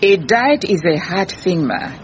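A patient woman detective, lively pitch, muffled radio-play sound. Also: measured pace, noisy background. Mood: firm, gentle. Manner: gentle but firm, patient. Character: calm, persistent female private detective. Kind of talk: radio drama acting.

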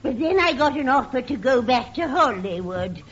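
A woman playing an aging former film star who reminisces grandly and saucily, in a lo-fi radio recording with a loud audience. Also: high-pitched, animated, normal speed, slight background noise. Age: older.

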